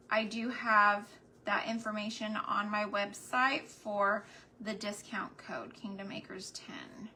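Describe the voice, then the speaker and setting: A woman's voice: mid-range voice, bright, forceful tone, a little hiss or hum. A woman from New Mexico with a light Texan accent, chatting casually and folksily as she paints on her homesteading channel. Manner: chatty, folksy, slow and drawn out. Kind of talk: casual chat while painting.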